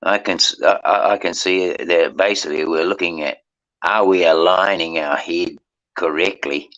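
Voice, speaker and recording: A man thinks out loud in a fairly low voice, circling back and restarting his sentences. The stream audio is dull and lo-fi, with the top end muffled. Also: steady tone, moderate pace. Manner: rambling, restarts often, reflective. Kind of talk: casual chat.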